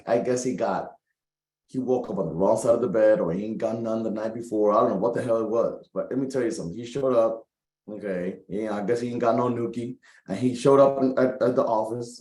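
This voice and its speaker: A middle-aged man, a spiritual coach, giving a tarot reading with animated, preachy storytelling and calling listeners baby. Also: lowish voice, a little fast. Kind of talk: casual tarot reading monologue. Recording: echoey room.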